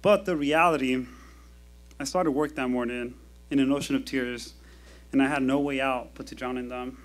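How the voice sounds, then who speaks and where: A man telling a personal story at a live storytelling show, in a wry, measured delivery with dramatic pauses, into a stage microphone. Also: medium pitch, fairly even intonation.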